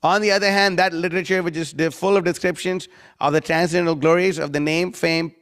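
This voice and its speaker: A man's voice: fairly high pitch, steady tone, fast, a bit bright, smooth. A man giving a devotional scripture class, firing rhetorical questions, reciting Sanskrit verses and mimicking critics in a mocking tone.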